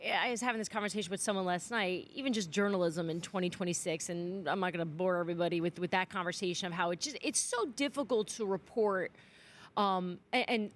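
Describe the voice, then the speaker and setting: A woman in her thirties who works as a sports reporter, talking quickly and chattily as a guest in a casual interview. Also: medium pitch.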